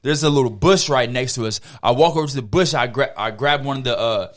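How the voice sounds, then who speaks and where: A man hosting a podcast, telling a story in a casual, animated way and swearing freely. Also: medium pitch, quick pace. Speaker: podcast host.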